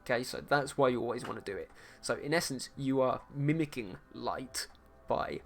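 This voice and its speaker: A relaxed man walks viewers through a digital painting as he works, talking in a loose, conversational way. His pitch sits in an ordinary middle range. A faint background hum stays under the voice. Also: gravelly. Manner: relaxed, chatty, talks while painting. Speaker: art streamer teaching digital painting. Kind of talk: live painting tutorial.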